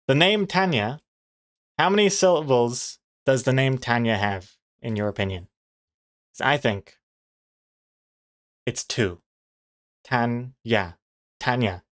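This comic artist streams in an animated, slightly bright mid-range voice, speaking at a measured pace with long pauses. He draws while musing aloud, fields chat with easy chuckles, and playfully teases pronunciation.

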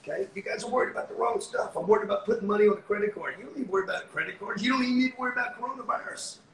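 A middle-aged man giving a brash, profane motivational talk on a livestream, repeating himself and yelling points home. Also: sits high, racing, slight background noise. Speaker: motivational speaker.

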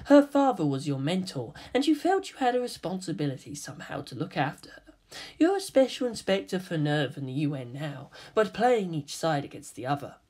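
In a fan-fiction reading, the narrator voices a half-angel teenage boy who is calm and menacing, speaking in a cold, quiet, hushed and threatening way. The pitch is lively and the voice slightly rough.

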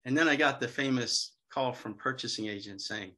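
A middle-aged man speaking as a seminar guest, telling lively anecdotes about selling to hospitals and acting out the dialogue. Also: mid-range voice, normal speed. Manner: lively storyteller, acts out quoted dialogue.

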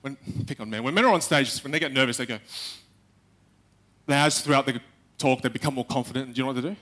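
A young man giving a live talk on stage, animated, acting out little quotes and speaking straight to the audience. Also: mid-range voice, fast talker, a little hiss or hum. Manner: animated, acts out quotes, addresses the audience directly.

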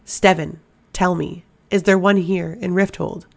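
Woman narrator as a commanding young heroine, audiobook, low and gravelly. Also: steady tone, measured pace. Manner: commanding, cool. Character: fierce young woman interrogator, cold and commanding.

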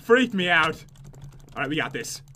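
A young man with a bright, forward voice jokes and teases his co-player while gaming, counting off each kill. Keyboard clicks and a faint hiss sit under his voice. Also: on the high side, big pitch swings, normal speed. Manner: joking, teasing, counts kills aloud. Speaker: gaming channel host. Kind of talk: casual gameplay chat. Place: home, recorded on the Florida side of a game session. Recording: faint background noise, keyboard typing.

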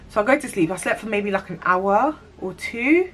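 Young woman in her twenties, storytime vlog at home, animated and slangy, laughs at herself, mid-pitched voice, camera mic. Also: normal speed. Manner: animated, slangy, self-mocking. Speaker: vlogger. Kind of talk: storytime monologue.

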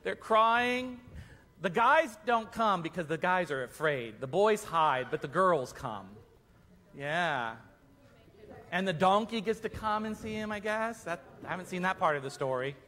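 A man leading a children's Easter play, narrating the story and directing the kids in a playful, animated way. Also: sits high, normal speed. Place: church hall. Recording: echoey church hall.

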